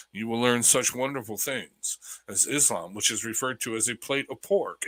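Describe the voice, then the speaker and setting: A man reading a joke sponsor ad in a put-on deeper radio announcer voice. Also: sharp tone, breathy edge, no room sound.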